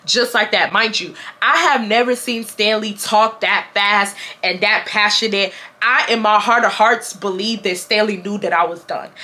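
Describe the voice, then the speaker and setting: Speaking at a medium pitch into a camera mic, a woman vlogger shares a personal storytime, chatting animatedly and directly with her viewers.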